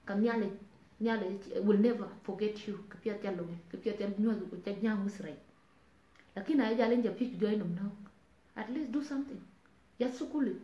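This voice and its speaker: A South Sudanese woman talking earnestly to viewers in a casual live stream, pleading and switching between languages. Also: medium pitch. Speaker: online talk host. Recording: roomy, dull lo-fi sound.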